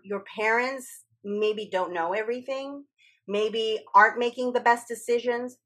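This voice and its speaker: A woman's voice: on the high side, fairly bright tone. A woman telling a personal story in a candid conversational podcast, swearing freely and acting out quoted dialogue.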